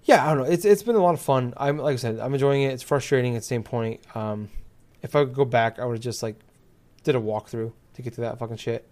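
A man's voice: mid-range voice, fast talker, darkish tone. A man in casual chat, ranting with exasperation and heavy swearing, full of fillers.

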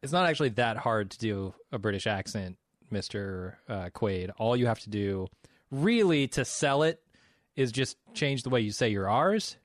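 A man's voice: lowish voice, animated, normal speed, no room sound, clean studio sound. A man co-hosting a casual film review podcast, wry and opinionated. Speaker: podcast co-host. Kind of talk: casual movie review chat.

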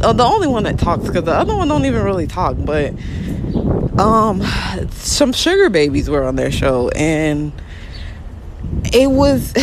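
A woman's voice: medium pitch, noisy background. A woman leaving a rambling, incredulous voice message. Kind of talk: casual chat.

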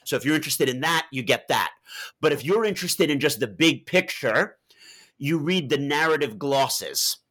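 Animated, bright-voiced man explaining. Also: on the high side, normal speed. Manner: animated storytelling with vivid asides. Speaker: author and Libya analyst. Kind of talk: interview answer.

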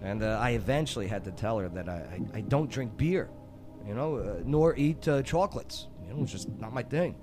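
A man's voice: mid-range voice, expressive, brisk, music in the background. A man hosting a radio show, playfully setting up pun riddles for his co-hosts. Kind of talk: joking trivia banter.

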